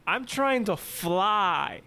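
A man co-hosting a podcast, chatting casually with friends and telling animated, joking stories. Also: sits high, drawn-out words, creaky, clean tone. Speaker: podcast co-host. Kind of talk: casual chat among friends.

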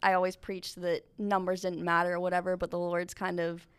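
A woman's voice: on the low side, completely flat delivery, fairly quick, clean tone, no echo. A young woman answering interview questions as a church intern, earnest and hesitant, often trailing off.

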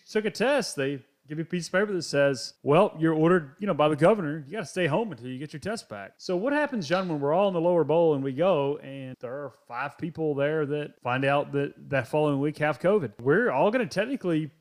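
A man's voice: on the high side, a little fast, few pauses. A man hosting a casual podcast, conversational and rambling with many asides. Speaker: podcast host.

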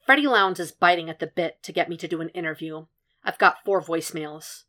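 A woman voicing a weary, calm and stubborn male profiler who speaks in a low, dry, level way. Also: a little fast.

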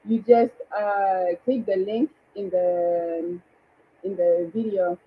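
A woman's voice: medium pitch, fairly even intonation, slow, breathy edge, highs cut off. Chatty woman livestream host. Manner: chatty, greets viewers by name. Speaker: livestream dating show host. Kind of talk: casual livestream hosting.

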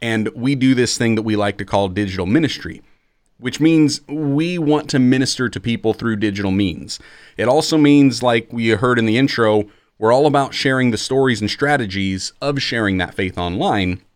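A man's voice: mid-range voice, normal speed, no echo, studio quality. A man who is a pastor and podcast co-host, talking in an earnest, emphatic, sermon-like way. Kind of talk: podcast conversation.

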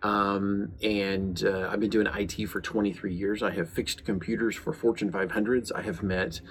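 A man's voice: on the low side, level tone, normal speed, slight background noise. A man in his forties, a podcast host and police chaplain, talking earnestly in a rambling casual monologue full of uhs and restarts.

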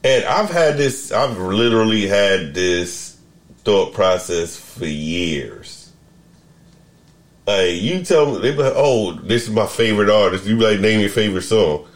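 Deep-voiced man rambling in casual podcast chat. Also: lively intonation, measured pace. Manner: rambling, self-interrupting, restarts sentences. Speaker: podcast host.

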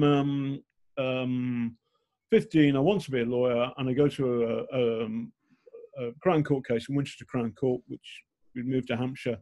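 A man's voice: mid-range voice, dark tone. Blunt older man with slight northern accent. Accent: slight northern English. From England. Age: 60s. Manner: blunt and self-mocking, with frequent ums and restarts. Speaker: journalist guest. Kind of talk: candid interview storytelling.

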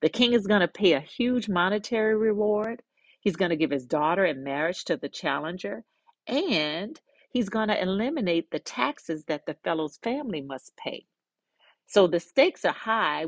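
A woman podcast host narrating a story in a lively, conversational way with asides. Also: mid-range voice, no echo.

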